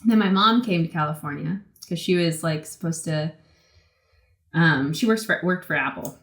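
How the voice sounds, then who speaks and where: A woman in her twenties from the Boston area, telling stories in a casual interview, talking fast and loose with lots of "like" and acted-out quotes. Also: sits low, a bit bright, roomy sound. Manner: chatty, many "like" fillers, acts out quotes. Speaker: guest, pro skateboarder.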